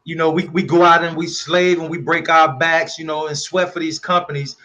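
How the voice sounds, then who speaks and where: Bright, high-voiced supportive co-host man. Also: level tone, normal speed, rough recording. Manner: supportive, calls the guest bro. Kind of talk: casual conversation.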